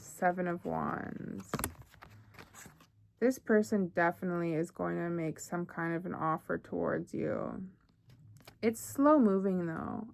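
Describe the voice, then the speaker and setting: A woman's voice: fairly low pitch, creaky. A young woman giving a casual tarot reading, chatty and thinking aloud with frequent fillers. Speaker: tarot reader.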